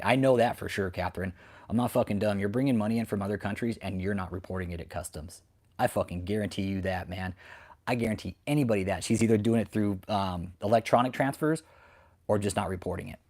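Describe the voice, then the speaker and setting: A man's voice: lowish voice, darkish tone. An American man hosting a channel, delivering an angry, profane, confrontational rant that keeps repeating its points. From United States. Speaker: host of a channel exposing cult leaders. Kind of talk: angry ranting commentary. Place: home, with dogs barking nearby.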